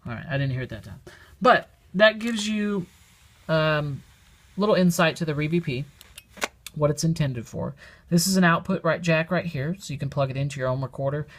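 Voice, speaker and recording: Recorded at home with lots of noise, a man with a slightly high, fairly bright voice gives a relaxed how-to demonstration at a moderate pace. He's a product demonstrator who explains each step simply and thinks aloud.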